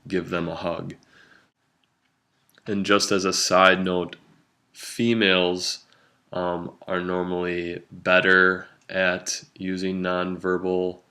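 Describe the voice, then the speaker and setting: A young man giving a class presentation, speaking slowly and hesitantly with frequent ums. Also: deep voice, gravelly, pushed and bright. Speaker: student presenter.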